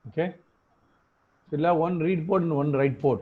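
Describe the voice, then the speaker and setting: His voice is a little high with a breathy edge, and he keeps a moderate pace. The man teaches an online class over muffled, phone-like audio, explaining step by step and often checking understanding with tag questions.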